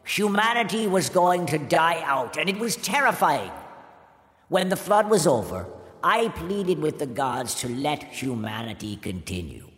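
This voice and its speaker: A man's voice: a little high, very animated, measured pace, a bit bright, voice pushed up. A man voicing an ancient, stern male sage who is impatient with fools and lectures solemnly in a storybook tale. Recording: echoey hall reverb.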